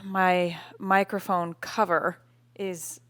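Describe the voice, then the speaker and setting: A woman's voice: on the low side, little pitch movement, slow pace, a bit bright, smooth, no room sound. A woman in her late twenties co-hosting a casual podcast from home, chatty and laughing often. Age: late 20s. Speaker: podcast co-host. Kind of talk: casual chat. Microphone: podcast microphone with cover.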